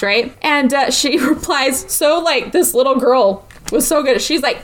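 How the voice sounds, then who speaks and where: A woman's voice: high-pitched, moderate pace, few pauses. A young woman co-hosting a podcast, chatting casually as she retells a movie scene by scene, full of likes and okays. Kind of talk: casual chat recapping a film.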